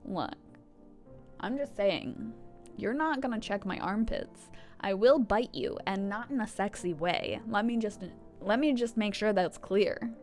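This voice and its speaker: A woman's voice: mid-range voice, expressive, measured pace, a little mellow, soft background music. A woman streaming a game, joking casually and reading game text aloud. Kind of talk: casual gameplay commentary.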